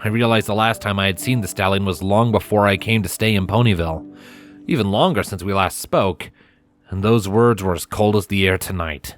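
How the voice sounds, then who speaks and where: Low-voiced man reading a story. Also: soft background music. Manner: measured, storytelling. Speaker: fanfiction audiobook reader. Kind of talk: first-person audiobook narration.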